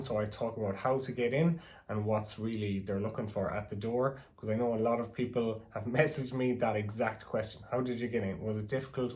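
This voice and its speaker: A man's voice: fairly low pitch, darkish tone. An Irish man hosting a podcast, introducing an episode and chatting casually with a guest. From Ireland. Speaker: podcast host.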